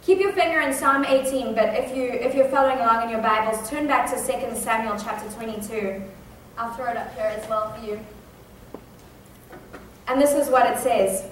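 A woman delivers a sermon in a big, echoing hall, her voice slightly high for a woman and a little distant from the mic. She tells a story with animated swings from hushed suspense to excited outbursts, and faint room noise sits behind her. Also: normal speed. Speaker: preacher.

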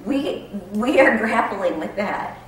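A woman's voice: mid-range voice, animated, slow. A woman leading a women's Bible study, talking earnestly and emphatically, with many rhetorical questions. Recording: very echoey room, mic far off.

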